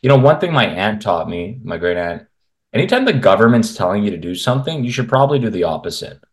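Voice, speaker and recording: A man's voice: lowish voice, sing-song, fast. A man speaking as a guest, a men's health coach, chatting bluntly and with strong opinions in long rambling runs over a video call. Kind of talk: casual interview conversation. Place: at home in Canada.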